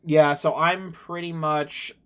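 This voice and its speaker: A man's voice: on the high side, fairly even intonation, slow pace, pushed and bright, slight background noise. A man playing in a tabletop game, chatting casually and joking. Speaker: player. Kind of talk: casual tabletop play chat.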